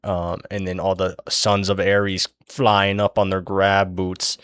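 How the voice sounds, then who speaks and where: A man's voice: deep voice, little pitch movement, slow, fairly bright tone, smooth, dry recording, studio quality. A young man casually retelling a story while he draws it, rambling, swearing and losing his place.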